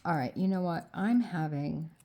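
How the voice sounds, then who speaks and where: A middle-aged woman with a lowish, dark-toned voice vlogs while crafting at a moderate pace. She thinks aloud casually, rambling and wavering as she talks herself into each choice.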